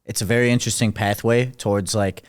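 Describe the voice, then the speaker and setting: A man's voice: lowish voice, fairly even intonation, fast talker, smooth. A man hosting a podcast, who chats in a laid-back, affirming way and swears casually. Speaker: podcast host. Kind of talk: casual interview chat.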